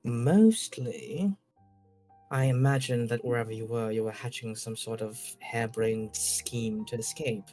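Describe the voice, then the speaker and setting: A game master playing a warm, loving mother reunited with her daughter, speaking softly and with emotion. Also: medium pitch, a little slow, soft background music, close to an everyday voice. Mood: gentle. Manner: tender, hushed and emotional.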